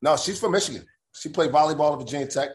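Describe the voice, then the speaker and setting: A man's voice: on the high side, quick pace. A man from New York, a college basketball coach, chatting as a guest in an easygoing, good-humored way. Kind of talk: casual interview chat.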